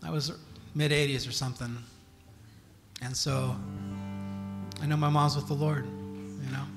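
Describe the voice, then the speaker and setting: A man speaking as pastor in a church, sharing memories softly and reflectively, with many fillers. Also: mid-range voice, level tone, measured pace. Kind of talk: eulogy-style sharing from the pulpit. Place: church sanctuary. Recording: live church stream with music behind. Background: guitar playing.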